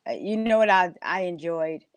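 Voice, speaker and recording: A woman guest in a casual heartfelt chat, an animated storyteller who acts out her friends' voices. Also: fairly low pitch, moderate pace, no room sound.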